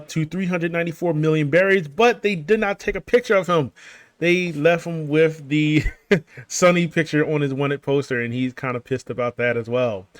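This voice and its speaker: On a dry recording, a man with a slightly high voice hosts a gaming channel, casually recapping a manga chapter over game footage. He rambles, full of fillers, restarts, and small chuckles.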